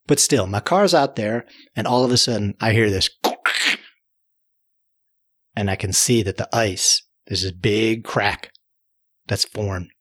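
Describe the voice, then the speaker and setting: A man telling a story in a chatty, animated way, chuckling now and then. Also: on the low side, unhurried, long pauses. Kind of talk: spoken storytelling.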